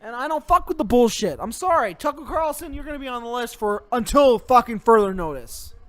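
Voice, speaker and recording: Really high-pitched guy doing an angry sweary comedy rant, all mock tough-guy threats. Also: lively intonation, fairly quick. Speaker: host.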